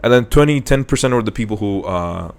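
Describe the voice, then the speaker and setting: Low-ish, gravelly, clear, and resonant, this young man's voice runs a little fast. He hosts a podcast in a relaxed, casual chat, telling rambling stories and often starting over.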